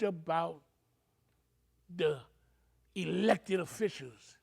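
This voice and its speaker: A man's voice: a little high, measured pace, long pauses. An older man, a reverend telling his own story with emotion and acting out the voices of people he quotes. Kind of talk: personal storytelling.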